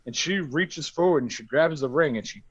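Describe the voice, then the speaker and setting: His voice is a little high with a breathy edge, at normal speed, as he tells a crude story on a casual stream, swearing and acting out quotes animatedly. There is no room sound, and the highs are cut off.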